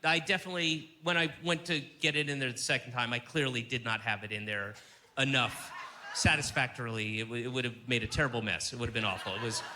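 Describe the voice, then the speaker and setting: A middle-aged man doing a stand-up comedy set, telling a rambling story with stammers and sudden loud outbursts. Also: mid-range voice, fast talker, background noise. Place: comedy stage before a live audience.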